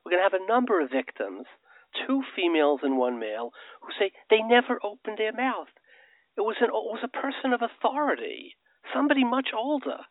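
A man's voice: high-pitched, dry recording. A man hosting a radio show, speaking in an impassioned, preacherly monologue that swells into emphatic outbursts. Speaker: radio host. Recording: narrow phone-like radio sound.

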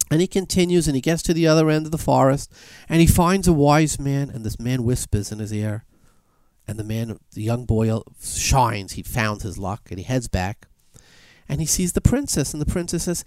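A man preaching a sermon and telling a fable, animated, with sweeping emphatic rises in his voice. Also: medium pitch, moderate pace, no room sound. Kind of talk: sermon with storytelling.

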